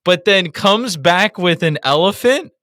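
A man co-hosting a casual review podcast, telling stories in an animated, profane way. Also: high voice, measured pace, dry recording. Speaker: podcast co-host.

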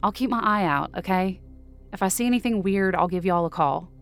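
A woman's voice: medium pitch, a little fast, slight background noise, natural voice. Woman doing a blunt store clerk. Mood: offhand. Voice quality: dry, offhand and blunt. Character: weary blunt young woman gas-station clerk. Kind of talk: audio drama dialogue.

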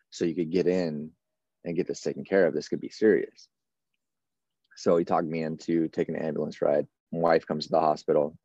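A man's voice: low-pitched, mellow, dry recording, muffled recording. A man in his thirties, a firefighter, telling a long personal story casually and acting out the exchanges he had with the people around him. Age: 30s. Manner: casual, run-on retelling with many quoted exchanges. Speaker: firefighter guest. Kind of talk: storytelling in an interview.

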